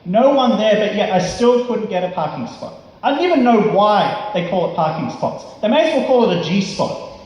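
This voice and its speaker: A man's voice: high-pitched, animated, moderate pace, darkish tone. An Australian man performing a stand-up comedy set at a social club, chatty and teasing the audience. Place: social club gig before a live audience. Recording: echoey club room with crowd.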